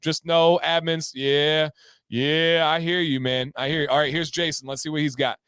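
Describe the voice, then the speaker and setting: A man hosting a casual livestream, reading viewer comments in an upbeat, excitable way with sudden loud whoops. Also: on the high side, normal speed, smooth, no echo, studio quality. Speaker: livestream host.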